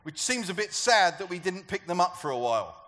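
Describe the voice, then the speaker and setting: A man's voice: high-pitched, big pitch swings, fairly quick, fairly bright tone. A man preaching a sermon to a church gathering, talking conversationally and asking the congregation questions. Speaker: pastor.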